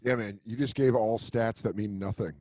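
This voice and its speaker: A man chatting as a guest on a video call, telling stories and joking with quick impressions of people. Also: fairly low pitch, no room sound. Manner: joking storyteller, animated impressions. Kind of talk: casual video-call chat.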